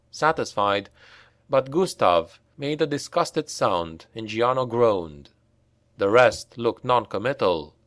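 Man reading an audiobook, slow, lively ups and downs, dry sound. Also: medium pitch, no echo. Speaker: audiobook narrator. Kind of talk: scripted audiobook narration.

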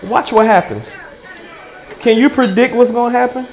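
A young man talking over his own basketball highlights, boasting and calling each move in quick play-by-play bursts. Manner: boastful trash talk, quick play-by-play calls. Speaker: basketball player.

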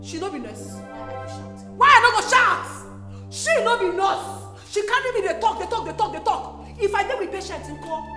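An actress playing an angry young Nigerian nurse who shouts in Pidgin in a film drama. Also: female voice, very high-pitched, animated, fast, few pauses. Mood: furious. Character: furious young hospital nurse, confrontational. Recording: echoey room with long reverb. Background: film score music.

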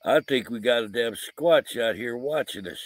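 A man's voice: mid-range voice, expressive, normal speed, no room sound. Rambling man outdoors at night. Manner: rambling, folksy storytelling with frequent fillers. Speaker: vlogger, paranormal investigator. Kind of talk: casual storytelling vlog. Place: outdoors at night by a camper van. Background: crickets and insects.

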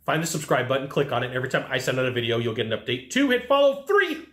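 An energetic man hosting a casual sales lesson, talking straight to viewers and acting out short dialogues. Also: medium pitch, echoey room. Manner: energetic and amped up; conversational, acting out quick dialogues. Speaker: sales trainer and channel host.

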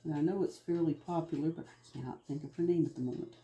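Making art on camera, a male host chats in a loose, rambling way, jumping between subjects. He talks fast in a mellow voice on the high side. Faint music sits behind the roomy, echoing sound.

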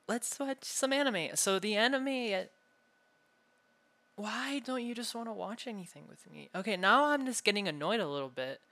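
A man voicing an obsessive young male yandere femboy in a whispered role-play, soft and unsettling, swinging between sweetness and threat. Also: high-pitched, creaky, exaggerated voice.

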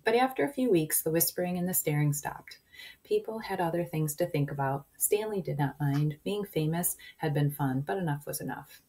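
Woman, storybook read-aloud, low voice, mellow tone, hushed whispers. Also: expressive, moderate pace. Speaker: reader. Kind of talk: reading a children's book aloud.

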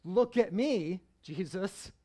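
Male pastor doing a fretful mom scolding her son, higher voice. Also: animated, takes it slowly, dark tone, full character voice. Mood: exasperated scolding. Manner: exasperated, raised voice. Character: worried scolding mother, middle-aged woman.

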